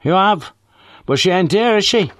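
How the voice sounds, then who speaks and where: A mouthy, brash young woman answers a detective's call, her voice pitched high and full of swings. She talks common and cheeky, played by a man reading the story. The sound is dry and close. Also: lively intonation, moderate pace, fairly bright tone, no echo. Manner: cheeky, defensive, common speech. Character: brash young working-class woman on the phone.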